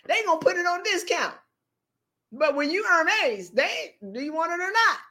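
A very high-pitched woman speaking at normal speed gives a motivational talk on a live stream. She comes across as animated and preachy, with jokes and acted-out dialogue woven through.

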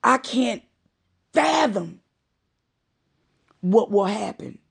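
A woman's voice: medium pitch, animated, very slow, gravelly, breathy edge. A middle-aged woman giving a heartfelt monologue, with emphatic, repeated phrases and moments of choking up. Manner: emotional, choking up.

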